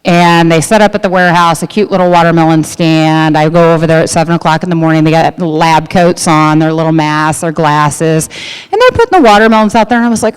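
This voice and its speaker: Woman, middle-aged, business owner, storytelling speech, chatty with restarts, smooth resonant voice. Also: low voice, expressive, a little fast. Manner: chatty, many fillers and restarts. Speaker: produce business owner giving a luncheon talk. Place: large event hall. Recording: long hall reverb.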